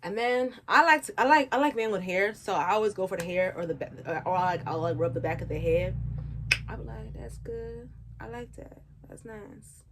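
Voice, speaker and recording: A woman's voice: fairly low pitch, brisk, background noise. A woman in her twenties giving frank, slangy advice in a casual vlog chat, often laughing at her own jokes. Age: 20s. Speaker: vlogger.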